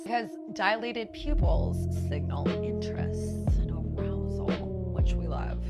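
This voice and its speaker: A woman's voice: medium pitch, a little slow, hardly any pauses, loud music behind the voice. A woman hosting a comedic monologue, riffing playfully with jokey asides that sometimes drop to a whisper. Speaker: host.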